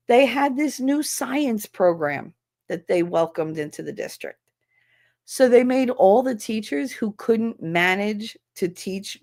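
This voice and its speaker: A woman's voice: on the low side, vocal fry, darkish tone. A woman in her thirties chatting casually, blunt and sarcastic, swearing freely and acting out quoted conversations. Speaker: streamer chatting while sorting files. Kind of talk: casual ranting chat.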